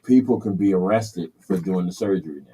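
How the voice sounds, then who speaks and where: A man co-hosting a podcast, telling a story in a relaxed, rambling way. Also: low voice, brisk, a little hiss or hum. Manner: rambling, relaxed, full of fillers. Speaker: podcast co-host. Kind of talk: casual comedic chat.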